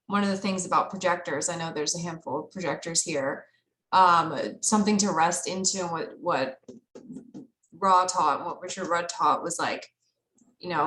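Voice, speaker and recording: A woman's voice: fairly low pitch, fairly bright tone, reverberant, low-quality recording. A woman chatting casually on a group call, rambling with many fillers and laughing easily. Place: online group video call.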